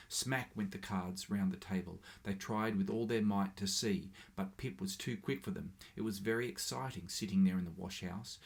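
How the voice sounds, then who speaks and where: A man reading a short story aloud in a steady, measured way. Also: low-pitched, creaky. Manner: steady, measured, with small slips. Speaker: reader.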